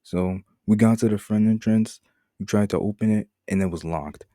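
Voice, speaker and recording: A man's voice: on the low side, fairly even intonation, moderate pace, dark tone, no echo, clean studio sound. A young man telling a story-time vlog in a casual, profane, rambling way with many restarts. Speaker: vlogger.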